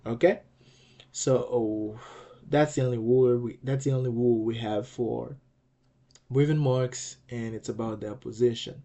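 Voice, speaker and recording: A man's voice: medium pitch, steady tone, measured pace, warm tone. A man teaching a language lesson, explaining patiently, repeating key points and checking in with "okay?" as he goes.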